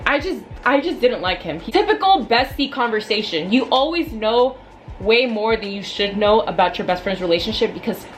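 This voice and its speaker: A woman in her twenties telling a storytime vlog in a blunt, casual, venting way, with animated asides. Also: a little high, moderate pace, low-quality recording. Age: 20s. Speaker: vlogger.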